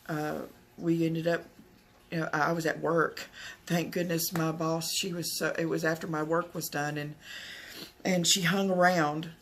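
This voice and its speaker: A woman's voice: deep voice, creaky. A woman from Texas, telling a personal story to camera in a rambling way, full of fillers and restarts. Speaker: vlogger.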